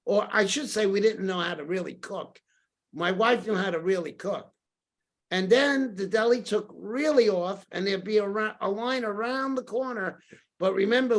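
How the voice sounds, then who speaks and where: Older New man telling stories. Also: high-pitched. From New York. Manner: lively anecdotal storyteller, acts out quoted dialogue. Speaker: podcast guest. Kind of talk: casual storytelling interview.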